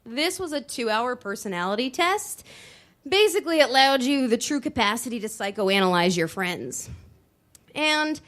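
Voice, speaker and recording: A woman telling a personal story on stage at a live show, animated, with dramatic pauses and voice shifts. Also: a little high. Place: dance studio venue, live show.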